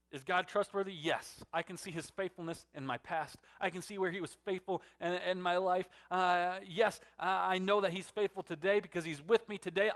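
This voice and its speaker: A man preaching a sermon as pastor, telling a story and swinging between loud emphatic lines and hushed, soft ones. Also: sits high, steady tone, brisk, few pauses.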